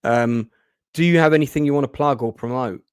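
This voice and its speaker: A chatty man hosting an interview podcast, rambling along with plenty of restarts. His voice sits at an ordinary pitch, and the recording is close and dry. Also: a little fast, clean tone, no echo. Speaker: podcast host. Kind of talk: casual interview chat.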